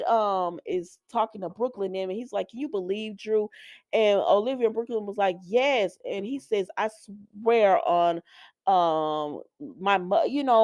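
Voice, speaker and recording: A woman's voice: mid-range voice, darkish tone, dry recording, clean studio sound. A woman recapping a soap opera episode in a casual, opinionated and colloquial way, laughing often.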